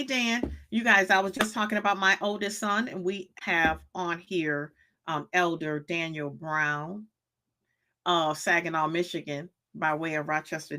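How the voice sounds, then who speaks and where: A woman's voice: on the low side, sharp tone. A woman hosting a motivational live stream, speaking in a preachy way, repeating her questions and reading chat comments aloud.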